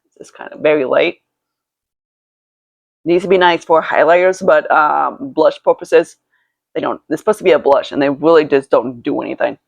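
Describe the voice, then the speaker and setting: A woman's voice: low voice, moderate pace, creaky, dry recording. Rambling, foul-mouthed woman vlogger. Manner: rambling, profane storytelling with many restarts. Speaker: beauty vlogger. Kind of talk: casual chat while doing makeup. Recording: dull lo-fi, dry sound.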